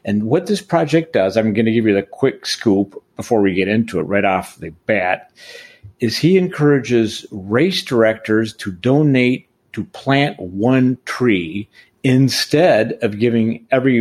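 A man's voice: fairly low pitch, darkish tone, slightly rough. A man hosting a podcast interview, chatty and joking, often correcting himself. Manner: jokey, rambling, self-correcting. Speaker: podcast host.

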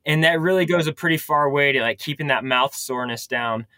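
A man's voice: a little high, brisk, sharp tone, dry recording. A man in a casual chat, giving practical advice from his own racing experience.

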